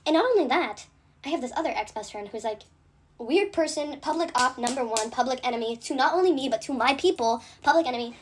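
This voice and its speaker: A young woman telling a storytime rant, fast and indignant, full of fillers and swearing. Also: sits high, lively intonation, a little hiss or hum. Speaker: content creator.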